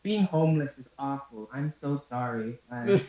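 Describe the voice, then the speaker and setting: A man's voice: mid-range voice, expressive, normal speed, warm tone, far from the mic, natural voice. Smug rich hacker girl, talks down to everyone, guy doing it in his own voice, echoey muffled mic. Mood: patronizing. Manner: patronizing, rambling.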